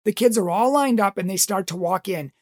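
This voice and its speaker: A man's voice: sits high, brisk, dry recording, studio quality. A man who teaches religious education tells a story with passionate pleading and acts out voices. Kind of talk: impassioned storytelling talk.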